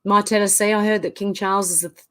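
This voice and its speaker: Aussie woman host, mid-pitch, reads chat comments and chats back, still coughy from flu. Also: fairly even intonation, fast, a bit bright. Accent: Australian. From Australia. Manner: reads viewer comments aloud and reacts, chatty with fillers. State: getting over the flu, coughing. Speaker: live stream host. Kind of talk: casual live-chat reading.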